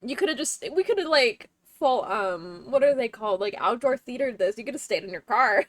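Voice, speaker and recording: A young woman streams from home, chatting casually with her viewers, swearing freely and breaking into laughter. Her voice sits on the high side and sounds animated, moving at a moderate pace with few pauses.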